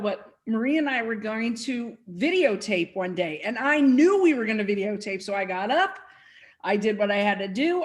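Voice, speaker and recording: A woman co-host telling a personal story in a casual, animated way. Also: fairly high pitch. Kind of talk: casual chat.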